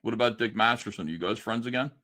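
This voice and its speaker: A man's voice: on the low side, rapid-fire, sharp tone. A man hosting a live stream, asking questions in a bemused way. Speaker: streamer host.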